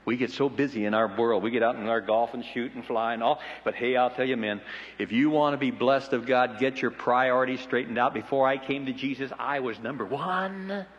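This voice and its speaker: A middle-aged man preaching a sermon in a folksy, animated, joking way. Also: mid-range voice, fairly quick, in a large hall, muffled recording.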